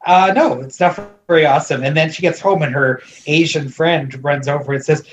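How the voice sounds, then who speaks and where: A man's voice: on the high side, steady tone, fairly quick, soft background music, low-quality recording. A man recapping a movie in casual chat, rambling with lots of fillers and restarts, amused and disbelieving. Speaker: podcast co-host recapping a movie.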